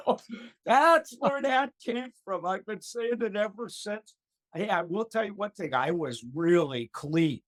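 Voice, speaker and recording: A man's voice: sits high, animated, measured pace, a bit bright. An older man, a gardening expert, telling a funny story as an interview guest, acting out the voices and laughing often.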